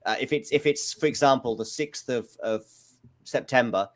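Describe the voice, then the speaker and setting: A man's voice: medium pitch, lively intonation, moderate pace. A man hosting a live tennis watchalong, chatting casually and rambling into jokey anecdotes. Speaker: podcast host. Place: home in Lisbon.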